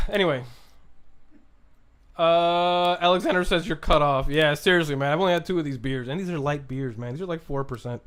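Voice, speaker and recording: A man's voice: on the high side, brisk, smooth. Laid-back man hosting a podcast livestream. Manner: rambling, relaxed, answers chat questions with many restarts; swears casually. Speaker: podcast host reading live chat. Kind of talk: casual livestream chat.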